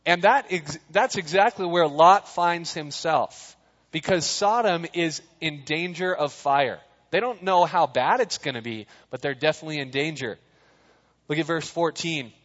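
A man preaching a relaxed sermon, chatty and quick with jokes, turning to the room with questions. His voice sits a little high for a man. It rings out in a large hall with a long tail of reverb, and the sound is slightly dull. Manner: chatty, jokey, asks the crowd questions. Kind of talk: casual sermon.

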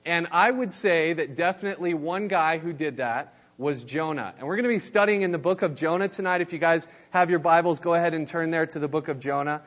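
A man's voice: fairly high pitch, a little fast, few pauses, fairly bright tone, highs cut off. A young man from New Mexico, a youth pastor giving a casual sermon with easygoing, self-deprecating storytelling. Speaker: youth pastor, guest speaker.

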